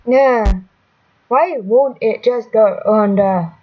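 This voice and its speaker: A woman's voice: on the high side, slow, lo-fi sound. A woman commenting on her own gameplay, muttering to herself and mocking herself, with sudden exclamations. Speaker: gaming channel host. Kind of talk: let's-play gameplay commentary. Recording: loud electronic game music behind.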